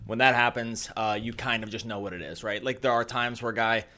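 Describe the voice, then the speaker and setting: A man's voice: mid-range voice, brisk. A man hosting a casual sports podcast, talking energetically and rambling at times. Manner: energetic, rambling, with fillers and restarts. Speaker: podcast host.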